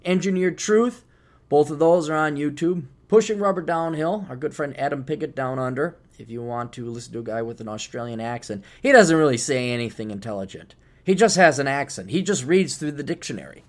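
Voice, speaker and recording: A man hosting a podcast alone, rambling in a sarcastic, casual monologue with sudden loud bursts, tired and just waking up. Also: fairly high pitch, lively intonation, fairly quick. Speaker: podcast host.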